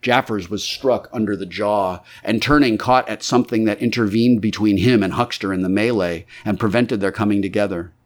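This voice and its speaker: Lowish male audiobook narrator. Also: moderate pace, few pauses. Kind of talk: scripted narration of a classic novel.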